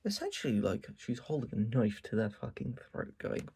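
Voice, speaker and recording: This man hosts his own channel and recaps a manga in a casual, animated way, swearing freely and acting out the characters' lines. His voice is dark and gravelly. His pitch swings widely as he talks. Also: moderate pace, few pauses. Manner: animated, swears a lot, acts out quotes. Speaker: channel host.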